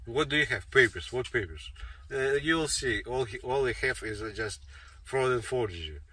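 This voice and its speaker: Insistent man with a sharp, bright voice. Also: medium pitch, lively intonation, moderate pace, slightly rough. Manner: insistent, repetitive, circling back over points. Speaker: speaker giving a monologue. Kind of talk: rambling monologue. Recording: distant mic with faint noise.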